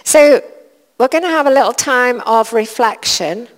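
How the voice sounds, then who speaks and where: A woman's voice: on the high side, expressive, normal speed. A woman giving a sermon in a church, earnest and encouraging, repeating short phrases for emphasis. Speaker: church leader. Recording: long reverb of a church hall.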